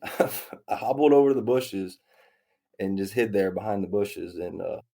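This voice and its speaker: Guy in his thirties, lowish warm voice, rambling through his story and acting out what people said. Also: a little slow, vocal fry. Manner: rambling, self-interrupting retelling with quoted dialogue. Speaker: interview guest. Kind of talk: candid storytelling.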